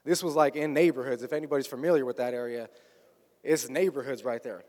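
A man with a medium-pitched, darkish voice speaks fast as a guest recounting his past. He tells a personal story conversationally, often slipping into quoted dialogue, and the recording carries a long hall reverb.

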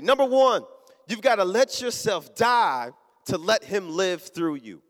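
Male preacher, high voice, animated storyteller, long sanctuary reverb. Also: normal speed. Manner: animated storytelling, call-and-response. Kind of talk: sermon. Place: church sanctuary.

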